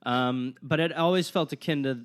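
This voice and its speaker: A man's voice: mid-range voice, moderate pace, clear, resonant tone. Rambling, filler-heavy male comedian guest. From Wisconsin, USA. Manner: rambling, full of fillers and restarts. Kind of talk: casual interview chat.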